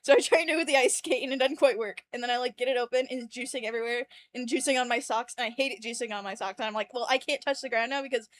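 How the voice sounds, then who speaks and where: High-voiced woman telling a dream story. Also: very fast, hardly any pauses, slight background noise. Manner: animated storyteller acting out quoted voices. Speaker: podcast co-host. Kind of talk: casual chat, telling a dream.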